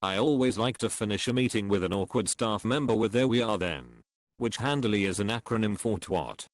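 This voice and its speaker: A man reading online comments aloud in a slow, dry delivery. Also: lowish voice, a little hiss or hum.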